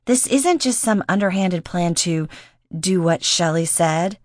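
A woman's voice: lowish voice, lively intonation, measured pace, dry recording, studio quality. A woman voicing a teasing young man. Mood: wry. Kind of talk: audiobook character voice.

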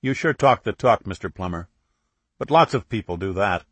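A man reading an audiobook, voicing a suspicious young medical student who talks curtly and defensively, pushing his voice higher and louder. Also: animated, moderate pace, slightly rough, no room sound. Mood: guarded. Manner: curt, sharp, guarded.

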